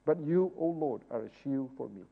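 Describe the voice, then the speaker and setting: A man teaching a Bible study in a sermon style, asking rhetorical questions and moving from hushed asides to loud, fervent exhortation. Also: mid-range voice, expressive, moderate pace, gravelly, phone-quality sound. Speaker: pastor leading Bible study.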